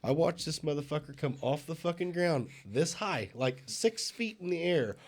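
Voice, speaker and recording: A man's voice: on the high side, expressive, normal speed. A man in casual podcast chat, recalling memories emphatically, swearing and laughing.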